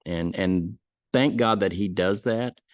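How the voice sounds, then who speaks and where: A man's voice: low-pitched, slow pace, no echo, studio quality. Folksy man teaching a Bible lesson. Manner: folksy storytelling with restarts.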